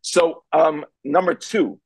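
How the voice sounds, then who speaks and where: A middle-aged man, a rabbi telling a story on a charity broadcast panel, casual and animated, with many fillers. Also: on the high side, slow pace, slightly rough, dry recording, rough recording. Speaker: rabbi and parenting speaker.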